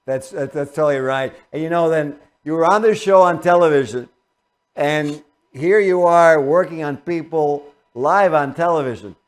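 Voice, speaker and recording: A man's voice: a little high, moderate pace. A male interview host who asks questions and pays rambling, effusive compliments. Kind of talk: casual interview talk.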